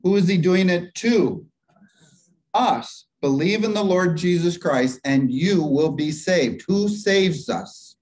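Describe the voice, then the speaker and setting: Slow and high-voiced, a little mellow, this man teaches a church Bible class on a low-quality recording. He works through Greek grammar one step at a time, posing questions to the class and waiting for their answers.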